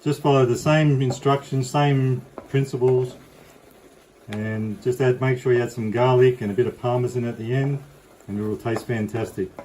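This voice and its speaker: A middle-aged Australian man walks through a recipe in a casual, rambling, friendly way. His voice is mellow and unhurried, recorded in a home kitchen with a faint hum of noise behind him. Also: mid-range voice, poor audio. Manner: chatty, rambling, easygoing. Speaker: cooking vlogger. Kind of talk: casual cooking demonstration.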